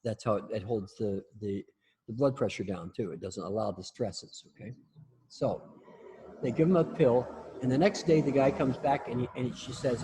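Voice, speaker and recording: A man's voice: medium pitch, a little fast, warm tone, breathy edge. A man teaching a class in a casual spoken style, often repeating and restarting his words, with blunt, salty humor. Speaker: instructor.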